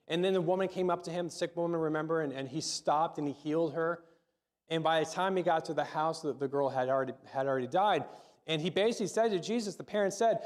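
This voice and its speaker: A man's voice: on the high side, fast. A middle-aged man preaching a sermon as pastor, talking to the congregation in a loose, conversational way, often repeating words and asking questions.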